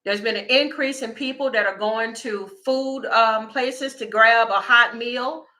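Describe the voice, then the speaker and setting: A woman chats through a tarot reading on a livestream and talks directly to her audience. Her voice sits fairly high and has a bright edge. She sounds lively and informal as she jumps from joking to urgent appeals. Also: unhurried. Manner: chatty, animated, talks straight to viewers. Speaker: tarot reader.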